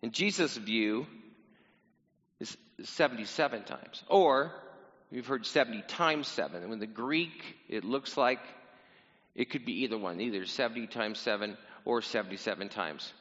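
Bright-voiced pastor in a reverberant hall. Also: male voice, lowish voice, animated, normal speed. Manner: casual, teasing, talks directly to the congregation. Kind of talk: sermon. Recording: dull sound in a reverberant hall.

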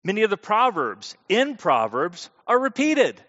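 A man's voice: high voice, huge pitch swings, unhurried, pushed and bright, dull audio. A man preaching a sermon in an emphatic, conversational way, putting questions to his listeners. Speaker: preacher teaching a Bible class.

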